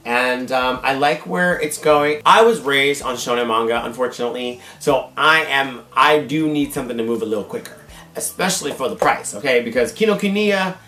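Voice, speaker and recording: A man's voice: medium pitch, moderate pace, bright, forceful tone. A man in drag, hosting a casual manga haul vlog, gushing and dramatic, calling viewers y'all and baby, his voice strained and wearing out. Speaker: drag queen manga collector, channel host. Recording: echoey room with faint guitar music. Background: faint guitar music.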